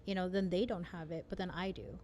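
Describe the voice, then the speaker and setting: A woman with a lowish voice hosts a podcast, talking candidly and frankly about her own life. A faint hiss of noise sits under her voice. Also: steady tone, a little fast, darkish tone, muffled recording. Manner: candid, frank storyteller with mild swearing. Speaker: podcast host. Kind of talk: casual podcast conversation.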